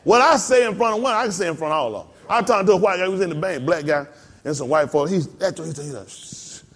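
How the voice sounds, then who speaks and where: A man preaching a sermon as pastor in a folksy, animated way, slipping into mock voices and laughing along with the congregation. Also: sits high, fast.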